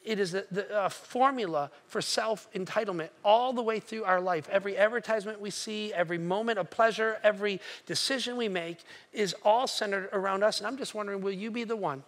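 A male pastor with a high-pitched voice preaches a little fast, with hardly any pauses, retelling a story through animated acted-out voices. Along the way he puts direct questions to the congregation.

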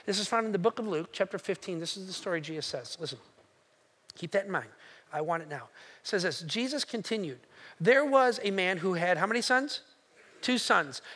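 A man preaching a sermon, telling stories with animated energy and rising to near shouting. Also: high-pitched. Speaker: pastor.

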